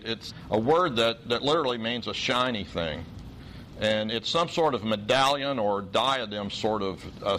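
A man teaching a Bible study, reading verses aloud and adding measured, reflective explanations. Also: mid-range voice, bright, forceful tone, a little hiss or hum.

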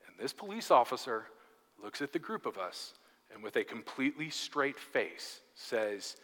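A man's voice: mid-range voice, very animated, normal speed, a bit bright. A man, telling a funny story as a chatty, self-deprecating guest preacher during a church sermon. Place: church sanctuary. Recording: echoey church hall.

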